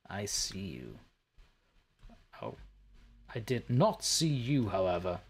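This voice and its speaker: A man's voice: lowish voice, very animated, slow pace, vocal fry, long pauses, husky. A man hosting a let's play, joking and sarcastic as he talks to the creatures in the game. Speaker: gaming channel host.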